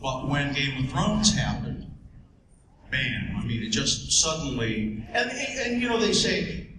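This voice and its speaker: A man's voice: fairly high pitch, sing-song, unhurried, far from the mic. Rambling, stumbling male moderator. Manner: rambling, full of hesitations. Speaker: panel moderator. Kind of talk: hesitant panel moderation. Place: large convention hall. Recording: echoey hall from afar, loud noise.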